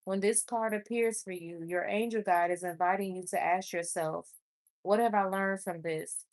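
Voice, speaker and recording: A woman's voice: medium pitch, steady tone, normal speed. A woman doing a spiritual tarot card reading, emotional and speaking to Spirit. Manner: emotional, talks to Spirit, gets choked up. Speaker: tarot reader.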